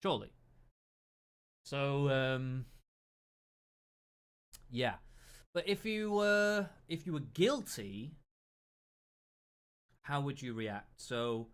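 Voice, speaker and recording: A man's voice: medium pitch, very animated, extremely slow, pauses often, clean tone. A man giving casual reaction commentary, thinking aloud, repeating himself and swearing freely.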